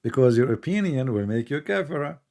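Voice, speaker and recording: A man hosting a heated debate on a call, blunt and mocking, quizzing his guest and reciting Arabic verses quickly, his voice worn from long talking. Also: mid-range voice, sing-song, a little mellow. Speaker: host.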